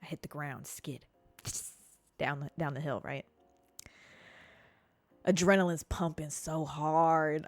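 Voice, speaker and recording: A woman podcast host telling a wild story in a casual, animated way, full of swearing and dramatic pauses. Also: low voice, dry recording, faint music behind.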